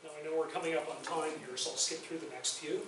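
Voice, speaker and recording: A man's voice: on the high side, steady tone, fast, a bit bright, a little hiss or hum. Man lecturing in an echoey hall. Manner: chatty, self-deprecating humor. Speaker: guest lecturer and documentary filmmaker. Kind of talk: public lecture with anecdotes. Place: university faculty lounge, indoors. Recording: very echoey room, voice far from mic.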